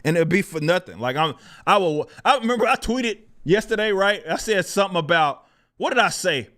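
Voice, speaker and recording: Man, channel host, slightly high voice, casual rant, profane, exasperated, laughs a lot. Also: animated, moderate pace, fairly bright tone. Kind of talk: casual ranting commentary.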